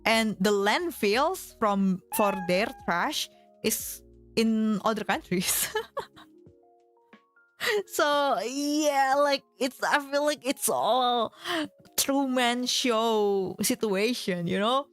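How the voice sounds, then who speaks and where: A woman's voice: on the high side, drawn-out words, faint music behind. A woman streamer in casual chat, giggling often and filling her talk with fillers.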